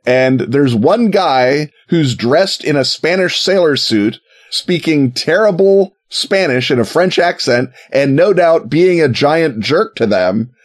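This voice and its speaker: A man's voice: on the high side, expressive, slow, hardly any pauses. Sarcastic man telling history. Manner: sarcastic, jokey storytelling with mock voices. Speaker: podcast co-host. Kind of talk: casual comedic history chat.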